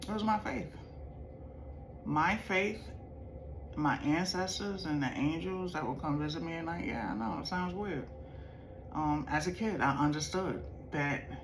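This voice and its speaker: A woman in her fifties from New York, telling personal stories in a streetwise, slangy way. She shifts from quiet reflection to loud, animated retelling. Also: low-pitched, background noise. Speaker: vlogger sharing life stories. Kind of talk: personal storytelling.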